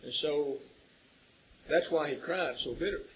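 A man's voice: fairly high pitch, a little slow, breathy edge, low-quality recording. A man preaching a sermon, earnest and building to emphatic peaks.

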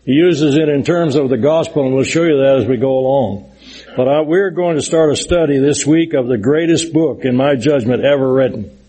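A man's voice: mid-range voice, moderate pace, warm tone, low-quality recording. A middle-aged man preaching a Bible lesson, earnest and explanatory, stressing points emphatically and reading scripture aloud. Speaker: preacher teaching a Bible study. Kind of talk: sermon-style Bible lesson.

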